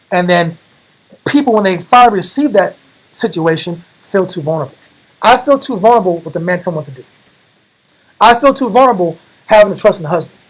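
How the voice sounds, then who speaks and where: A young man preaching a lively, slangy sermon, animated and calling the room bro. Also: sits high, rough recording. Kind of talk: lively street-style sermon.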